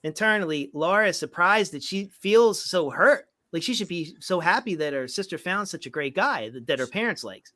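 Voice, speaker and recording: A man's voice: high-pitched, lively intonation, moderate pace, hardly any pauses, pushed and bright. A man co-hosting a comedy podcast, casually reading a holiday movie script aloud and chatting, with lots of fillers and playful line readings. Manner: chatty, many fillers, reads lines in playful voices. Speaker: podcast co-host.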